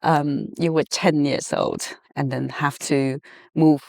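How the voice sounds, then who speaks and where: Gravelly-voiced man asking eager questions. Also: fairly high pitch, slow pace, a little mellow, no echo, studio quality. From China. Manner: eager, frequent short affirmations and probing questions. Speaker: podcast host, interviewer. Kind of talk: conversational interview.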